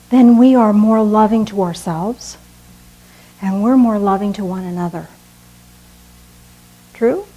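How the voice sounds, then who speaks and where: A woman preaching a sermon, slow and earnest, with dramatic pauses. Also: mid-range voice, warm tone, rough recording. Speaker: pastor.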